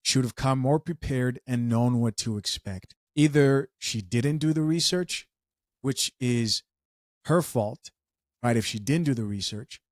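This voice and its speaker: A man's voice: mid-range voice, a little mellow, no room sound. Guy doing reaction commentary, talks right to his viewers, super dry close sound. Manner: conversational, addresses viewers directly. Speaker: commentary host.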